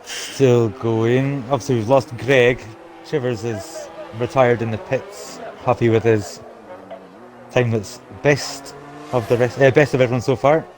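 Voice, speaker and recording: A man's voice: medium pitch, steady tone, a little slow, darkish tone, a little hiss or hum. A man commentating a live sim race, calling positions and reading chat aloud. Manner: play-by-play calls, reads out chat.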